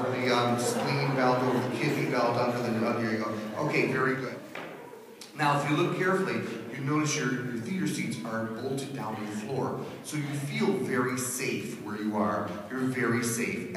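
A man performing as a stage hypnotist, theatrical and swinging between hushed soothing and wild excited shouting. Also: medium pitch. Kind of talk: hypnosis stage show patter. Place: large school auditorium. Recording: echoey hall from far off, noisy.

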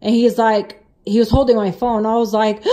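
A woman's voice: fairly high pitch, flat delivery, moderate pace, dark tone. A woman vlogger sharing a personal testimony in a casual, rambling way, full of restarts, and earnest and emotional as she retells it.

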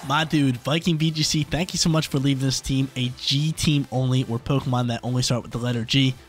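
A man hosting a gaming channel, chatting excitedly and thinking out loud as he commentates a video game battle, with a scratchy throat. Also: medium pitch, a little fast. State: coughing, throat irritated.

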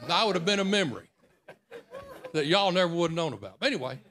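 A man's voice: a little high, very animated, brisk, a bit bright, slight background noise. A man preaching a sermon, telling a personal story in a folksy, intimate way. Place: church.

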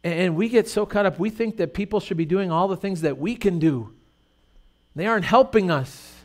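A man's voice: high-pitched, moderate pace. A middle-aged male pastor preaching a sermon in a conversational, storytelling way with rhetorical questions.

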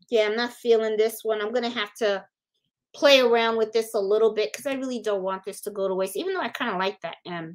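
A woman from Puerto Rico hosts a casual crafting livestream, chatting, thinking aloud, and greeting viewers by name. Her mid-range voice is a bit bright.

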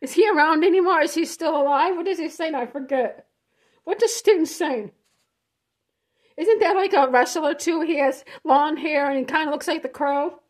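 A woman's voice: high voice, moderate pace. A woman hosting a casual reaction vlog, reading a post aloud and commenting on it in a rambling, blunt way, with frequent restarts and swearing. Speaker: show host.

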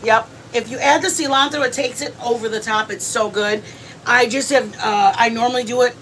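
A woman's voice: on the high side, steady tone, a little fast, fairly bright tone, a little hiss or hum, rough recording. A woman hosting a casual cooking livestream at home, chatting to viewers and explaining each step as she eats. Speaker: cooking channel host.

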